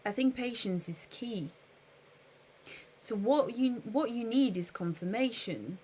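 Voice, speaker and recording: A woman's voice: a little high, expressive, slow pace, darkish tone, breathy edge. A woman live streaming in casual chat, thinking aloud and patiently explaining trading to her viewers.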